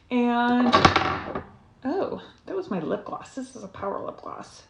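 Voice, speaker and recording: A woman's voice: medium pitch, vocal fry, muffled recording. A middle-aged woman hosting a casual vlog, frank and heated, swearing freely and rambling through asides. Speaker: numerology and tarot channel host. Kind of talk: casual vlog talk to viewers. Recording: echoey room.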